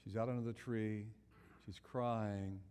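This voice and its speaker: A man's voice: on the low side, fairly even intonation, unhurried, mellow, clean tone, in a large hall. A man preaching a sermon, telling a Bible story and asking his listeners questions. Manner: storytelling, acts out biblical characters' voices; asks the audience questions.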